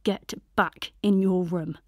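A woman's voice: lowish voice, steady tone, slow, no echo, studio quality. A woman voicing a stern, disapproving middle-aged mother in an audiobook, speaking curtly and with scorn. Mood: scornful.

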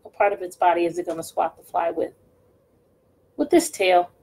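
A woman teacher reading a picture book aloud to children, pausing to ask them questions. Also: on the low side, creaky, low-quality recording. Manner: slow, expressive, asks children questions. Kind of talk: storybook read-aloud lesson.

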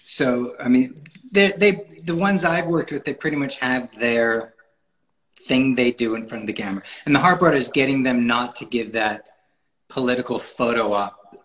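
Man, photographer guest, mid-pitched voice, loose and rambling, lots of "you know.". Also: normal speed, fairly bright tone, low-quality recording. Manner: rambling, many fillers and restarts. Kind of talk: casual interview talk. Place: podcast recording.

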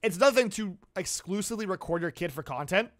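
Excitable man reacting to videos. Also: high voice, quick pace. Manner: excitable and rambling, with frequent outbursts. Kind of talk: casual reaction commentary.

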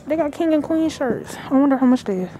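A young woman vlogging from her phone, chatting excitedly with her viewers as she walks through a busy shopping center and a crowded restaurant. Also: high-pitched, quick pace, rough recording. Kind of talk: casual handheld vlog. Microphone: phone camera held in hand. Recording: loud crowd and noise on a phone mic. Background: crowd chatter and street noise.

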